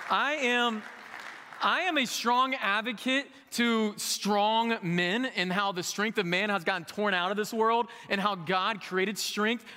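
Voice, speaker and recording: High, bright-voiced male pastor preaching. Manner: candid, conversational preaching with emphatic rises. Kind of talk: sermon. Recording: echoey hall with long reverb.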